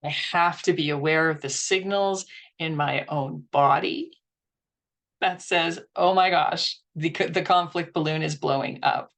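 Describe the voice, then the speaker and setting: A woman's voice: deep voice, a bit bright. A woman presenting a workshop in an earnest, instructional way, acting out inner thoughts as she teaches.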